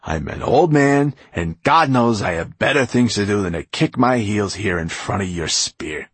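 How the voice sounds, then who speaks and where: A man's voice: fairly low pitch, expressive, normal speed, husky, dry recording, pitched above the performer's own voice. A man playing a cranky old poet. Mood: haughty. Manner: snappish, irritable. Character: crotchety old male poet, proud and impatient.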